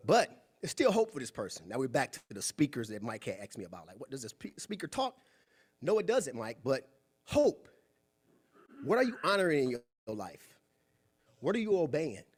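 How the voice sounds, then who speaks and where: A young man giving a preachy, animated motivational talk at a club meeting, acting out quoted voices. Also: medium pitch, moderate pace, husky. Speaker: guest speaker. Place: meeting room.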